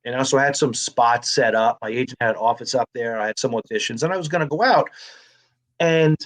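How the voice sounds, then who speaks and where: A man's voice: medium pitch, fairly quick. A middle-aged man, a comedian and actor, telling anecdotes in a casual interview and acting out the voices of others.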